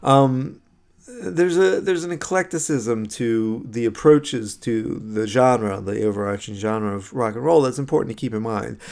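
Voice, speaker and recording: A man's voice: medium pitch, unhurried, creaky, a little mellow. A man giving a recorded slideshow lecture on music history, conversational, with many fillers and restarts and frequent "right?" checks.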